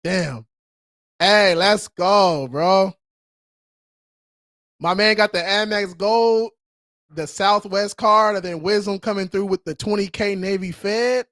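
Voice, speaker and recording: A man's voice: sits high, measured pace, a bit bright, no echo, clean studio sound. A man hosting a casual livestream, talking in a slangy, hyped-up way and calling viewers bro. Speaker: credit repair livestream host.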